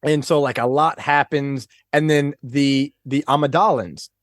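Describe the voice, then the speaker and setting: A man guest on a podcast, chatting casually and retelling scenes in an excitable, animated way. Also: medium pitch, a little slow, no room sound, studio quality. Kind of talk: casual chat.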